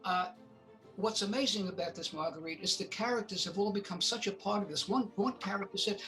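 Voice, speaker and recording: His voice is high-pitched with a sharp tone as he speaks as a film producer in an interview. He tells stories casually and haltingly, full of fillers and restarts, and acts out other people's words. Faint background music sits under a low-quality recording.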